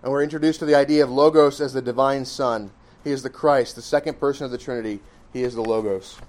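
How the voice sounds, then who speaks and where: A man's voice: mid-range voice, fairly even intonation, fast, darkish tone. A man preaching a sermon, reasoning through his points step by step with emphasis. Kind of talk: sermon teaching.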